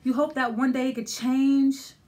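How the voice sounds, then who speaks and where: Casting note: woman tarot reader, high voice, rambling and conversational. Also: flat delivery, moderate pace, warm tone. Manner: thinking aloud, many restarts and fillers. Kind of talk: casual tarot reading.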